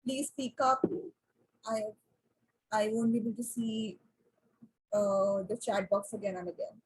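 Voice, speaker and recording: A woman teaching an online class, often asking the class questions and pausing with fillers. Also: mid-range voice, fairly even intonation, breathy edge, rough recording.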